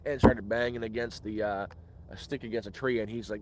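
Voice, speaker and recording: A man's voice: on the low side, steady tone, brisk, noisy background. A man hosting a casual live question-and-answer stream outdoors in the woods, rambling and restarting words. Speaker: livestream host.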